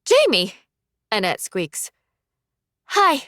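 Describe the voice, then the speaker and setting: A woman voicing a shy, giggly young woman who squeaks when startled. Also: huge pitch swings, drawn-out words, a bit bright, no room sound, studio quality, full character voice. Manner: squeaky, breathy.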